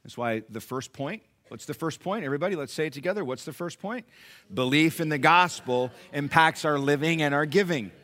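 A man preaching a sermon as pastor, animated, with rhetorical questions, swinging between loud emphasis and hushed asides. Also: on the high side, brisk.

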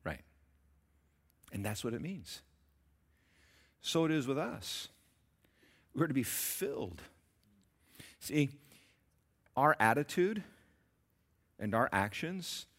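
A man preaching a sermon, asking his congregation questions and swinging between loud emphatic peaks and quiet low passages. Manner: asks the congregation rhetorical questions. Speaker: pastor.

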